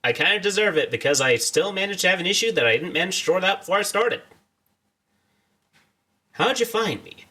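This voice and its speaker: A man's voice: sits high, lively intonation, fast, hardly any pauses, bright, forceful tone. A young man streaming a video game, joking and rambling as he chats to his viewers in a casual way. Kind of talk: casual let's-play commentary.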